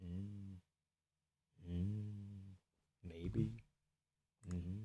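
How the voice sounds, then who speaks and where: A man's voice: on the low side, fairly even intonation, measured pace, long pauses, darkish tone, dry recording. A young man hosting a live stream, chatting casually, joking around and reacting to viewer chat. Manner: rambling, jokey, reads chat aloud.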